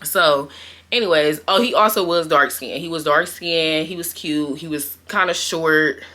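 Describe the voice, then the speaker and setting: Bright-voiced young woman telling a storytime. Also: sits low, unhurried. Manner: animated, slangy, frequent fillers and quoted asides. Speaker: storytime vlogger. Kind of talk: casual storytime chat.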